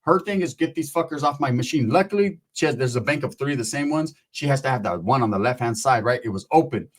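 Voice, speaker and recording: A man telling a profane comic story in an animated way, acting out his characters. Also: medium pitch, quick pace. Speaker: comedian.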